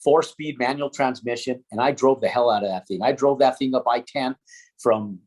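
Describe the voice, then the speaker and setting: A middle-aged man, appearing as an interview guest, tells a story in casual chat at normal speed in a medium-pitched voice. He swears casually and animatedly acts out other people's lines as quoted dialogue.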